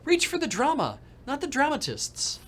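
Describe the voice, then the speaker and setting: A man voicing a smug, scheming male rival TV producer who lectures in a smooth, condescending way. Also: very high voice, wildly swooping pitch, moderate pace, a bit bright, pitched above the performer's own voice, full character voice.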